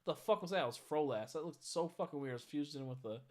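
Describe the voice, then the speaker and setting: A man's voice: a little high, animated, quick pace, a little mellow. A tired man chatting casually on a live stream, rambling and swearing as he greets viewers. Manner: rambling, swearing, stumbles over chat names.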